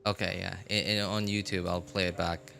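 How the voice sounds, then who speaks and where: A man on a live game stream, talking in a relaxed and chatty way. His voice sits low but sounds bright and forceful. Soft music plays behind him. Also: normal speed, vocal fry. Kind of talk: casual live stream chat.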